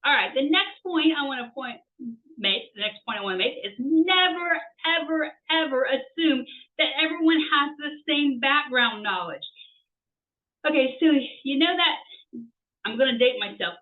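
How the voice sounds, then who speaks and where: A woman's voice: high voice, animated, moderate pace. A middle-aged woman hosting a leadership lesson from her home office, upbeat and repeating key words for emphasis. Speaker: host and leadership instructor. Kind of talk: instructional video talk. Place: home office with a tin roof. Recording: tinny phone-like sound, distant from mic.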